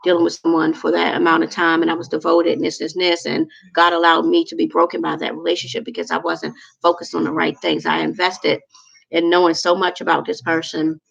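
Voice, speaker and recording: A woman with a very gravelly, fry-heavy voice on the lower side talks to her viewers as y'all, giving heartfelt, preachy advice in a casual motivational stream. The sound is dull and lo-fi. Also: completely flat delivery, brisk. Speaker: livestream host. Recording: dull lo-fi recording.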